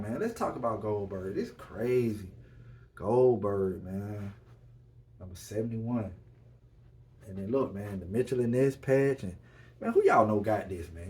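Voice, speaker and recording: A man's voice: mid-range voice, expressive, unhurried, darkish tone, distant mic. A man hosting a podcast in casual solo chat, hyped and repetitive, full of slang and constantly addressing his viewers. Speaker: podcast host.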